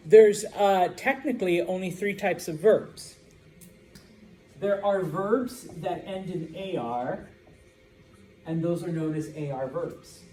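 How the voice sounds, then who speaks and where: Slow, joking American man teaching in an echoey classroom. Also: high-pitched, darkish tone, far from the mic, slight background noise. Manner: informal, joking, checks understanding with constant "okay?". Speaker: Spanish teacher. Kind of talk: classroom lecture with student call-and-response.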